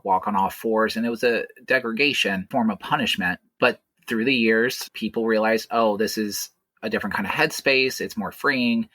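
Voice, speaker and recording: Guy on a podcast, low-ish bright voice, dry close sound, explains things earnestly. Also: dry recording. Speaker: guest. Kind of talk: casual podcast talk.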